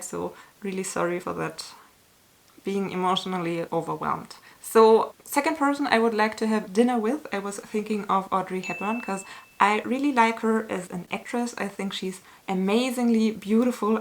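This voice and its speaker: A woman chatting to her camera in a candid, earnest vlog. She picks her words slowly, with small restarts, and lets feeling show through now and then. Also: medium pitch, a little hiss or hum. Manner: earnest, candid, sometimes emotional and softly laughing; slow, searching phrasing with small restarts. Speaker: YouTuber answering a tag. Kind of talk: casual talk to camera.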